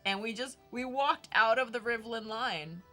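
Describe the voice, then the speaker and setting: Bright-voiced woman telling a story. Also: fairly high pitch, a little slow, soft background music. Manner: animated, acts out quoted dialogue. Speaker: co-host. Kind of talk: casual storytelling chat.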